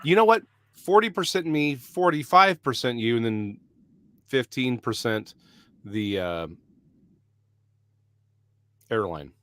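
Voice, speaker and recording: A man's voice: medium pitch, lively intonation, slow, pauses often, fairly bright tone. A man from Texas in casual banter with a friend, laid-back and joking. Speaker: podcast co-host. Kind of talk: casual chat.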